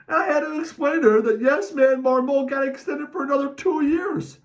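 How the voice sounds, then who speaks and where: High-voiced man on a fired-up fan rant. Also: a little fast, hardly any pauses. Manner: animated, refers to himself in the third person. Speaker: podcast host ranting as a sports fan. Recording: distant mic, dull lo-fi sound.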